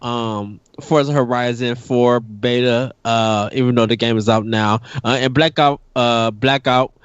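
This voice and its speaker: A man's voice: mid-range voice, fairly even intonation, measured pace, clear, resonant tone, no room sound. Upbeat guy hosting a gaming podcast, laughs a lot, lo-fi dull sound. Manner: upbeat, laughs often, rambling with fillers. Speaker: podcast host. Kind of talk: casual gaming podcast chat.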